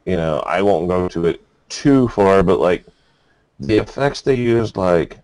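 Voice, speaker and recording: Male podcast co-host, lowish voice, dry close mic, rambling and jokey. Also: lively intonation, unhurried, darkish tone, no echo. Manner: rambling, laughs often, mimics movie lines. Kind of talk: casual uncensored chat.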